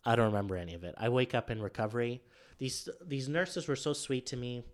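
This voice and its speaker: A man's voice: mid-range voice, fast talker. A man telling a story in a casual chat, rambling with many fillers and acting out what others said. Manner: rambling, filler-heavy, acts out quotes.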